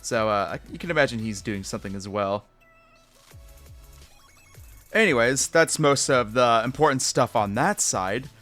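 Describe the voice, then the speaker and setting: Rambling young man with a bright voice. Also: mid-range voice, animated, normal speed, pauses often, soft background music. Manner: rambling, self-correcting, joking asides. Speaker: Minecraft YouTuber giving a base tour. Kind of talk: casual gameplay commentary.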